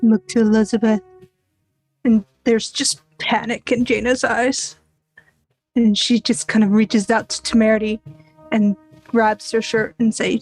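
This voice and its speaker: A woman player in a tabletop role-playing game, calmly describing what her character does. Her voice sits a little high and stays very flat. Faint music plays underneath. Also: unhurried, pauses often, rough recording. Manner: calm, describes actions in third person.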